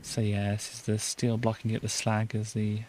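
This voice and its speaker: A woman's voice: a bass voice, monotone, moderate pace, mellow, slight background noise, low-quality recording. A woman streaming a game, chatting casually and giggling as she reads item names aloud. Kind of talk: casual gameplay chat.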